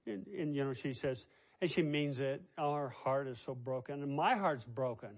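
A man's voice: medium pitch, normal speed. An older man, a pastor, preaching a sermon and telling a family story in a conversational way.

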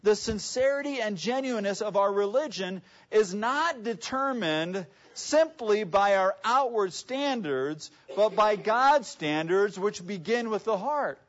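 A man's voice: high-pitched, lively intonation, unhurried, few pauses. A man preaching a sermon in a conversational way, often asking the audience rhetorical questions, in a dull lo-fi recording. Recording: dull lo-fi sound.

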